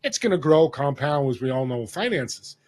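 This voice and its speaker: This fairly high-pitched man speaks at a moderate pace as he guests on a podcast, spinning a story in a casual interview. He's in his fifties, from Northern California, and lively, acting out the voices of those he quotes.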